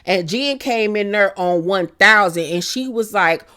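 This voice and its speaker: A woman hosts a casual gossip recap of a reality show, talking with sass and drama. She acts out the cast's lines as she goes. Her voice sits at a middling pitch. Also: measured pace, sharp tone.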